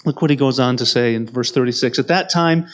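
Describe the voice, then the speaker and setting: Man, preacher, sermon, reads verses then explains, repeats himself, mid-pitched voice. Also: a little fast. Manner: reads scripture aloud then explains it directly to listeners; repeats words and restarts mid-phrase.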